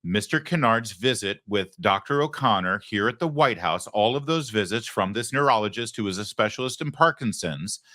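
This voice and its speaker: A man's voice: on the low side, lively intonation, moderate pace, hardly any pauses, bright, forceful tone, no room sound, studio quality. A man hosting a political commentary show, delivering a sarcastic opinion monologue and acting out quoted voices.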